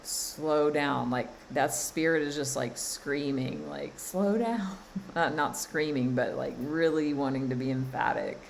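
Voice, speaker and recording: A woman's voice: a bass voice, fairly even intonation, unhurried, creaky, few pauses, slight background noise, rough recording. A woman coaching her listeners on a live stream, speaking in an emphatic way, repeating phrases and often laughing. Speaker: spiritual coach and card reader. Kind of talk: live-streamed spiritual guidance.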